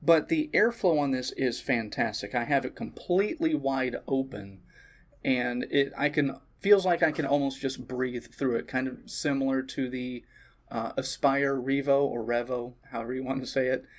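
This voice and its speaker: A man's voice: mid-range voice, moderate pace. Easygoing man reviewing a product. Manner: easygoing, with frequent ums and uhs. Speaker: vape shop staff reviewing products.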